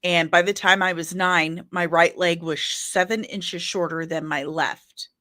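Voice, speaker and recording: Low-voiced woman rambling on a livestream. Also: fairly even intonation, measured pace, pushed and bright, no echo, studio quality. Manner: rambling, candid, with frequent laughs; apologetic asides. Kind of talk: casual chat on a livestream.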